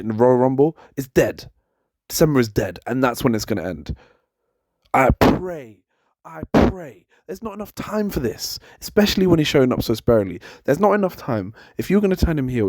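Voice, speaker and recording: A man's voice: medium pitch, a little mellow, no echo, studio quality. A young man delivering a heated, exasperated opinion rant as a commentator, hammering his points with repetition. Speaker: wrestling commentator and channel host.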